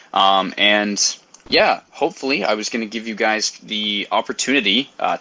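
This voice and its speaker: A man's voice: fairly low pitch, bright, forceful tone. A man hosting a casual online community session, talking easily with frequent fillers. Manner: easygoing, filler-heavy. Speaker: community developer and host. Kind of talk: casual online panel talk.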